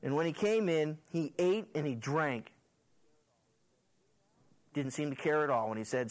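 Animated man preaching a sermon. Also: on the high side, unhurried, long pauses, rough recording. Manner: animated storyteller who acts out the characters' lines. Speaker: pastor. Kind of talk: sermon, retelling scripture.

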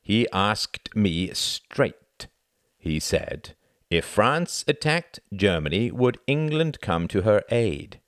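A man voicing a contemptuous British official who shouts and curses, in an audiobook reading. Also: on the low side, sing-song, no echo, studio quality. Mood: grim. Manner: shouting, cursing, drawn-out.

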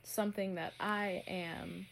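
A woman's voice: medium pitch, steady tone, slow pace, gravelly, fairly bright tone, a little hiss or hum. A young woman co-hosting a podcast, rambling casually with lots of fillers and jokes. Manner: rambling, filler-heavy, joking. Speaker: podcast co-host. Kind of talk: casual chat.

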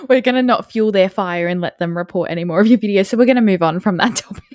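A woman's voice: medium pitch, fast, darkish tone, no echo, studio quality. A young woman co-hosting a podcast in casual chat, blunt and laughing often. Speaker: podcast co-host.

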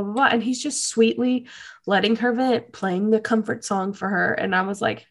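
A young woman co-hosting a podcast, recapping an anime episode in gushing, animated casual chat. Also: a little high, normal speed. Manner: gushing, animated storytelling with laughs. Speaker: podcast co-host.

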